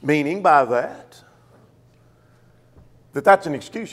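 Male preacher, lively pitch, reverberant hall, emphatic rhetorical questions. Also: normal speed, pauses often. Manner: questioning, emphatic, acts out quoted excuses. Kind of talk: sermon.

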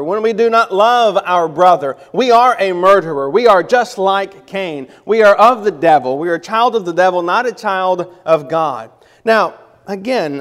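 A man's voice: sits high, big-room sound. A man reading a Bible passage and then explaining it as a lesson, often correcting himself mid-sentence. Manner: reads scripture then explains it, with restarts and self-corrections. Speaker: Bible teacher.

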